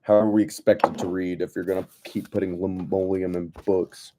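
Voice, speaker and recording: A man's voice: low-pitched, brisk, few pauses, warm tone. A young man reading a novel aloud casually, stumbling over words and breaking off into mock rants. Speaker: book reader. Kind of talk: casual read-aloud with jokey asides.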